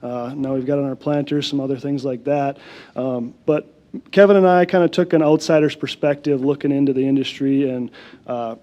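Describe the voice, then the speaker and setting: A young man from North Dakota with a head cold gives a plainspoken conference talk, leaning on casual fillers. His voice is mellow and dark, fairly high for a man, and flat in its melody. The sound is slightly dull. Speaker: guest speaker. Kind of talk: conference presentation.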